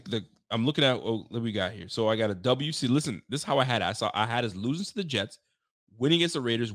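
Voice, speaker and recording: Clean studio sound with no echo captures a fairly bright, mid-range male voice. He's a Canadian who grew up with French and Creole, running a casual post-game sports stream full of hype, jokes, and trash talk.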